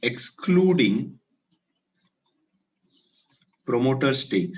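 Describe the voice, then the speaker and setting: A man's voice: mid-range voice, big pitch swings, very slow, poor audio. A man with an Indian English accent giving a classroom lecture, questioning students and explaining step by step while slipping into Hindi.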